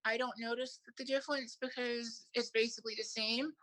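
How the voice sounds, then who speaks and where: Michigan woman on a podcast, high voice, curious and chatty, laughs a lot. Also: little pitch movement, a little fast, fairly bright tone, low-quality recording. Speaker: podcast co-host. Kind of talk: casual chat.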